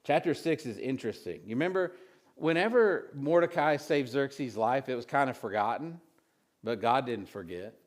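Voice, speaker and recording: A man's voice: medium pitch, expressive, moderate pace. Give me a man preaching casually, reading scripture and chatting through the story. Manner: conversational preaching, with many restarts and asides; retells scripture with acted voices. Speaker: pastor.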